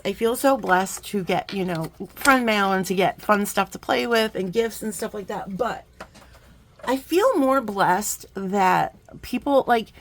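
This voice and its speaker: A middle-aged woman chatting casually as she unboxes beading supplies, rambling, warm-hearted and quick to get emotional. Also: medium pitch, gravelly, no room sound. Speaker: beading vlogger.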